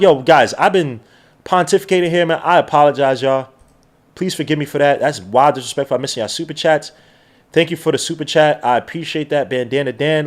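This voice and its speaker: A man hosting a live sports watch-along podcast, talking in an excitable, slangy fan manner. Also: mid-range voice. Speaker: podcast host.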